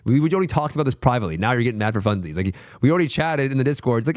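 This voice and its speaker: A young man streaming, ranting casually and swearing a lot, swinging between grumbling and hyped excitement. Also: mid-range voice, very fast, no echo, studio quality. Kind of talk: casual livestream rant.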